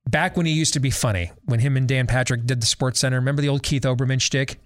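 A middle-aged talk show host speaks fast in a steady, medium-pitched voice. He delivers an opinionated movie-review rant about a film, sarcastic, exasperated and emphatic.

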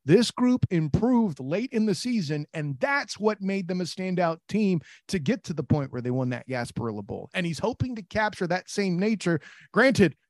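A man's voice: sits high, big pitch swings, normal speed, no echo. A man hosting a casual sports podcast, rambling with repeated words and easy laughs.

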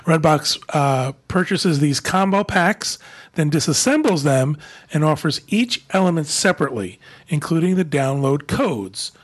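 A man's voice: on the high side, expressive, measured pace, breathy edge. A man co-hosting a podcast, reading news items aloud in a put-on announcer voice.

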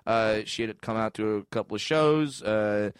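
A man's voice: on the low side, moderate pace, clean tone, no echo, studio quality. A man co-hosting a comedy podcast, rambling and wry in casual banter. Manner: rambling, filler-heavy, wry. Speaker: podcast co-host.

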